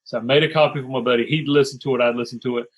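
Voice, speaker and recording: A middle-aged man, a sales coach, telling stories in an animated, chatty way with quick asides and restarts. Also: mid-range voice, muffled recording. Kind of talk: conversational storytelling.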